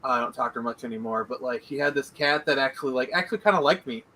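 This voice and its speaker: A man's voice: medium pitch, fast talker, sharp tone, rough recording. A young man talking casually as a guest on a livestream, rambling with many fillers. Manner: rambling, hesitant, lots of fillers. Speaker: guest comic creator.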